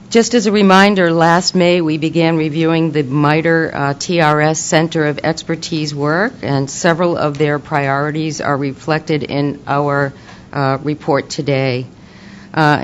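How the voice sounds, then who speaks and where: A woman's voice: sits low, dull audio, slight background noise. A woman with a Boston accent, co-chairing a subcommittee and presenting its report at a committee meeting, with many fillers. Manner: reads formal recommendations aloud, with many fillers. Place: meeting room.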